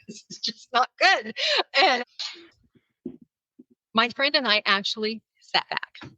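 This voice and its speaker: A woman with a bright, forceful voice tells a personal story as a podcast guest, acting out the lines of people in it and laughing often. Her recording is dry, with little room sound, and a little muffled. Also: medium pitch, dry recording. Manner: animated, laughs often, acts out quotes. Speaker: podcast guest, kindness speaker.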